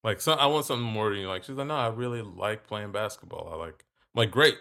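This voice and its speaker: A man's voice: lowish voice, fast talker, vocal fry. A man telling a story in casual talk, acting out both sides of a conversation. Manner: animated, acts out both sides of dialogue.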